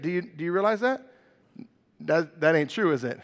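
A middle-aged man preaching with a bright, high-pitched voice, animated and playful as he quizzes his congregation. His words ring out with a long reverb in a large hall. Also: normal speed. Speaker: pastor. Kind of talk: sermon.

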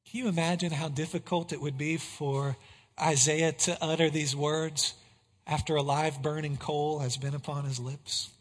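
A man preaching a sermon, swinging between hushed passages and loud exclamations of praise. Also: fairly high pitch, little pitch movement, normal speed. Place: church sanctuary. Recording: long hall reverb.

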